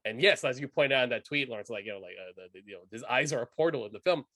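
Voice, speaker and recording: Animated man chatting about films. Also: mid-range voice, racing, no room sound, clean studio sound. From United States. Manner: animated, enthusiastic, many fillers and restarts. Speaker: podcast co-host. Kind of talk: casual film discussion.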